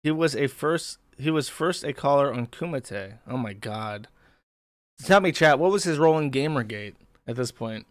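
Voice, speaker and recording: A male live-stream host with an expressive, medium-pitched voice talks at normal speed, recorded cleanly in a studio with no room sound. He reacts to a clip and to chat with swearing, disbelief and mockery in casual commentary.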